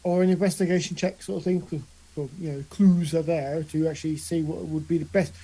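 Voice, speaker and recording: A woman playing a tabletop game, chatting casually and thinking aloud in an excitable way. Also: sits low, fairly quick, rough recording. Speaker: player.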